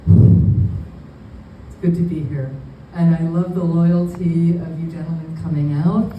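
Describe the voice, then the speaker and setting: A woman's voice: sits low, fairly even intonation, slow, highs cut off, a little hiss or hum. A woman in her fifties from New York City telling a rambling, self-deprecating stand-up story to a live audience. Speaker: comedian. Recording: echoey venue, mic far off.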